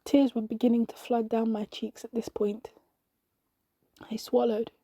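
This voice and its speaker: Woman narrator, mellow and breathy, dry close sound, slow intimate monologue that drifts into whispers. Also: on the high side, level tone, no room sound. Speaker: podcast narrator. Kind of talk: scripted dramatic monologue.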